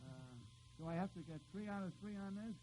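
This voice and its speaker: A man on a radio quiz panel, answering questions with brisk, wry remarks. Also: high voice, fairly even intonation, warm tone, a little hiss or hum, poor audio.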